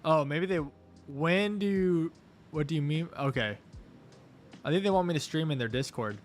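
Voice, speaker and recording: A young man hosts a live crypto trading stream from a home setup, talking casually into a desk microphone. His voice sits a bit high for a man, and he chats with his viewers and pleads with the chart as it moves. Soft music runs quietly underneath. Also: normal speed. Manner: chatty, thanks viewers, coaxes the chart aloud.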